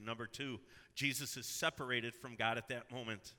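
Earnest preacher with a bright voice in a reverberant hall. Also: male voice, mid-range voice, little pitch movement, fairly quick. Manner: earnest preaching, rising to loud emphatic cries. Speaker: pastor. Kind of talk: sermon.

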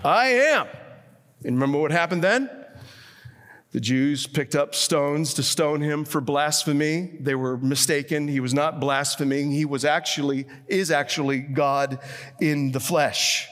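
A man preaching a sermon, swinging between hushed, low passages and emphatic, raised lines. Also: fairly even intonation, measured pace, in a large hall.

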